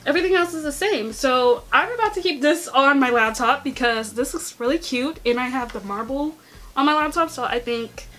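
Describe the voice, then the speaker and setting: In this laid-back unboxing review, a young female vlogger speaks at a moderate pace in a high-pitched voice. She's animated, bouncing from excitement to exasperation.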